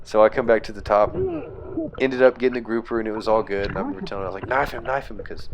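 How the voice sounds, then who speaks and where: A young man casually narrating his own fishing trip footage as a voice-over, telling the story with fillers and restarts and growing excited at the tense moments. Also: lowish voice, noisy background.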